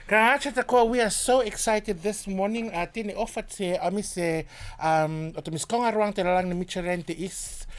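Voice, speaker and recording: A man's voice: sits high, normal speed. A man hosting a late-night radio show, chatting casually between songs and laughing often. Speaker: radio host.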